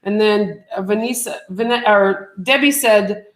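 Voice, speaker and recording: A woman's voice: medium pitch, unhurried. Chatty middle-aged woman reading viewer comments. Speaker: co-host of a livestream show. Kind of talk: casual chat.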